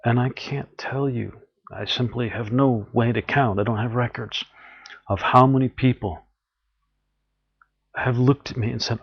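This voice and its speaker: A man's voice: medium pitch, steady tone, unhurried, vocal fry, long pauses, breathy edge, highs cut off. A man giving an earnest, encouraging spiritual talk, often acting out what people say. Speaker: spiritual teacher.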